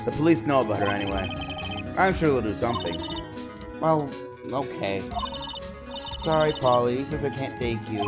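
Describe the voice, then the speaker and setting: A man's voice: medium pitch, expressive, measured pace, pauses often. A man streaming a video game, reading its dialogue aloud with casual joking asides. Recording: game music behind the voice.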